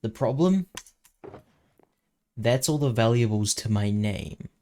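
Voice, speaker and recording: A man's voice: mid-range voice, expressive, slow pace, mellow, slight background noise, rough recording. A man narrating his own gaming vlog in a playful, jokey salesman manner. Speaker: Minecraft server video creator.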